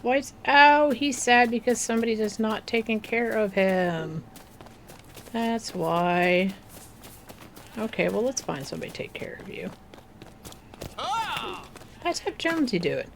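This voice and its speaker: Cooing at the game's animals, a gaming video creator comments casually in a fairly high, expressive, creaky voice. The woman is slow and unhurried and sometimes sinks into a near-whisper, with a faint hiss or hum in the audio.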